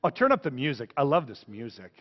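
A man, a pastor, giving a casual, excitable sermon with lots of fillers while commenting on pictures and a video. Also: mid-range voice, quick pace. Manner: chatty and excitable, many fillers like "like". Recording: long reverb, dull lo-fi sound.

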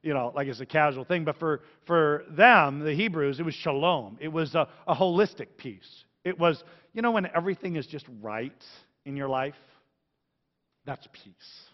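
Guy preaching, chatty and jokey, kinda high voice, echoey church sound. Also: normal speed. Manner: animated, conversational, jokey preaching. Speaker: pastor. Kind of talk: sermon. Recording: echoey hall, dull sound.

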